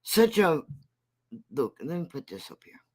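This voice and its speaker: Man, livestream host, casual commentary, slow deliberate delivery, repeats points. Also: fairly high pitch, very animated. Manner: slow, drawn-out, repeats himself for emphasis. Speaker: military veteran.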